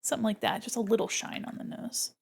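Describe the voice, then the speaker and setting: A woman's voice: fairly high pitch, fairly even intonation, fast, creaky, a little mellow, husky. A woman streaming as she paints digital art, chatting casually with viewers in a bubbly, rambling way with frequent giggles. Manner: chats with viewers, thinks aloud. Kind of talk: casual live-stream chat while drawing.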